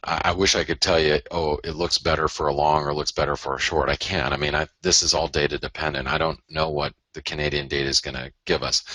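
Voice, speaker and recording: A man's voice: extremely low pitch, sharp tone, dry recording. A man hosting a live trading webinar, talking loosely and directly to viewers, with plenty of fillers. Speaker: forex webinar host. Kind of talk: casual live market analysis.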